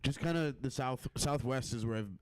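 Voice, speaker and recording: A man's voice: mid-range voice, moderate pace, smooth. A man chatting on a comedy podcast, hesitant and self-deprecating about himself. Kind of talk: casual comedy podcast chat.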